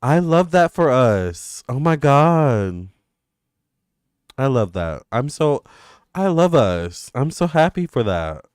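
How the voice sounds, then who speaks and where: Man in his thirties, tarot reader, gushing, excitable, middle pitch, dry close recording. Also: clear, resonant tone, dry recording. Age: 30s. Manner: excitable and gushing, quick swings between squeals and murmurs. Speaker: tarot reader hosting live readings. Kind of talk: casual livestream chat with viewers.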